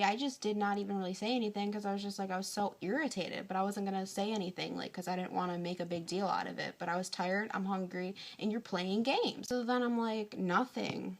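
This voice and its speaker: Young woman, exasperated rant, tired, casual storytime, phone camera, middle-pitched voice. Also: fast talker, hardly any pauses. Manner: exasperated, quoting others in animated bursts, swearing. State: tired and hungry. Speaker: vlogger.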